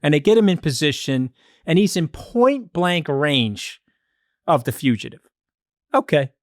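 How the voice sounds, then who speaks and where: Emphatic, fast-arguing man. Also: on the high side, no room sound, clean studio sound. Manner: emphatic, animated, rapid bursts of argument. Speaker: podcast guest. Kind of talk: casual podcast discussion.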